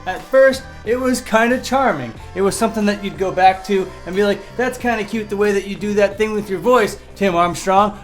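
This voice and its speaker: Sarcastic high-voiced man lecturing. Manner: sarcastic, lecturing, with mocking impressions. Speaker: youtuber host. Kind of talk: mock-serious comedic commentary.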